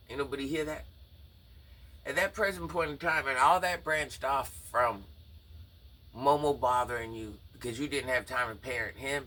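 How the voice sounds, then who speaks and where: A man's voice: medium pitch, sharp tone, distant mic. A man giving incredulous, mocking drama commentary on a livestreamer, talking straight to his viewers.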